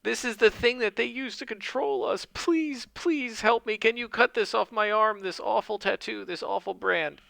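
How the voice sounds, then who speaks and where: A man's voice: high-pitched, normal speed, creaky, hardly any pauses, bright, forceful tone, dry recording, voice pushed up, heavily acted. A man voicing a young woman cultist who sobs and pleads while faking distress in a tabletop game. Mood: pleading, tearful. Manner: sobbing, pleading.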